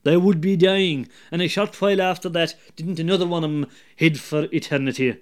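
A man with an Irish accent telling a folk tale, lively and dramatic, dropping to hushed asides. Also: fairly high pitch, brisk. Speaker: storyteller.

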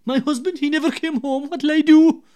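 An older Irish man voicing a worried countrywoman whose husband never came home, in a high, pleading tone. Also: steady tone, moderate pace, dark tone, lightly acted. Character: anxious countrywoman searching for her husband.

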